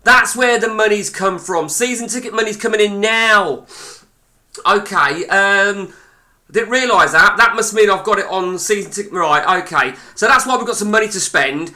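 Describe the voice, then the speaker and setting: A man's voice: sits high, normal speed, sharp tone. A man streaming live, giving blunt, sweary, rambling commentary on a football management game.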